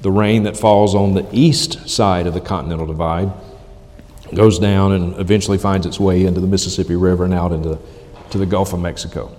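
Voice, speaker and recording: A man preaching a sermon, emphatic, slowly repeating key phrases for weight. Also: deep voice, steady tone, a little mellow, big-room sound. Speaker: pastor.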